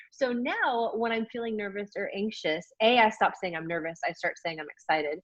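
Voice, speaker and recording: A woman's voice: medium pitch, moderate pace, hardly any pauses, dry recording. A woman in her forties, an athlete guest in a casual interview, talking candidly and enthusiastically with lots of fillers. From United States. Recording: dull, dry lo-fi call audio.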